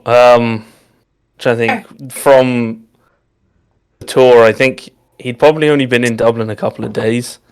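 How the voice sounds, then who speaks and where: A man's voice: mid-range voice, fairly even intonation, a little slow, long pauses, darkish tone, smooth. A man playing in a tabletop game, talking hesitantly with many fillers. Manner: hesitant, laughing, full of fillers. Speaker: player. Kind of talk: casual tabletop play.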